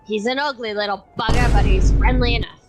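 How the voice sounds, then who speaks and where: A woman's voice: fairly high pitch, fairly even intonation, a little fast, over loud music, close to an everyday voice. A woman voicing a cheerful, offhand male arena manager in a breezy, matter-of-fact way while reading game dialogue aloud.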